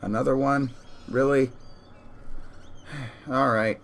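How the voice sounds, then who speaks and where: A hoarse but feminine catfolk shopkeeper, flustered and eager to please, as a man puts her on. The voice sits well above a man's usual register, bright and raised as she hurries to welcome customers to her store in a tabletop game. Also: medium pitch, very animated, a little fast, voice pushed up. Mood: weary. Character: flustered young feline humanoid shopkeeper woman.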